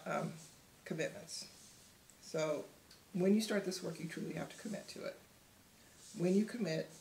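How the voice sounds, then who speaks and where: A woman with a gravelly, creaky voice leads a self-help book discussion. She speaks in a direct, encouraging way and laughs easily. The echoey room at home carries some faint background noise. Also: sits low, darkish tone. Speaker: guest teacher leading a book discussion. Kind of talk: earnest teaching talk.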